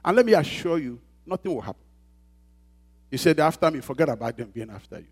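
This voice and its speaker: This pastor's voice is fairly high and husky, moving fast with lively intonation. Delivering his sermon with emphasis and repetition, he throws questions out to the congregation and waits for them to respond.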